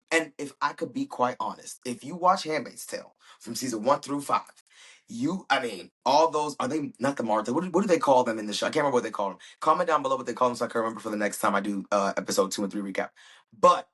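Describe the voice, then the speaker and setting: A man with a husky, slightly breathy voice talks through a TV episode recap. His delivery is chatty and slangy, and he slips into little acted-out quotes as he goes. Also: mid-range voice, quick pace, a bit bright. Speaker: podcast host.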